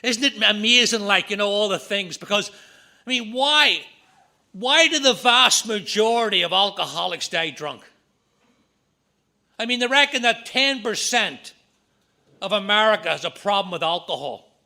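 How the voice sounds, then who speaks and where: A middle-aged man with a Northern Irish accent telling his recovery story at a meeting, with quick jokes and punchlines. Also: high-pitched, animated, creaky, pushed and bright. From Northern Ireland. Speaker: AA speaker.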